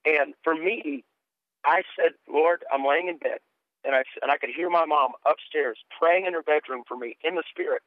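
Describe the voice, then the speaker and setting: A man's voice: on the high side, moderate pace, no room sound. A middle-aged man telling his testimony as a guest in a radio interview, earnest and stumbling over restarts. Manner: earnest storytelling, stammers on restarts. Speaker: guest minister and author. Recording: dry tinny phone line.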